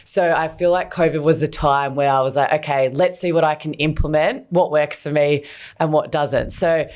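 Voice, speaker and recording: A woman's voice: deep voice, fairly even intonation, normal speed, a little mellow. A woman co-hosting a podcast, talking in a candid, chatty way with lots of fillers and restarts. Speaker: podcast co-host. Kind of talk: casual chat.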